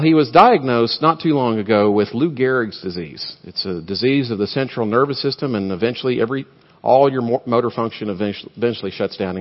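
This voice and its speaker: A man preaching a sermon in a church sanctuary, rising to loud emphatic peaks and dropping to hushed, intimate storytelling. His voice sits at an ordinary male pitch. The sound is a little dull and carries a long hall reverb. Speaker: pastor.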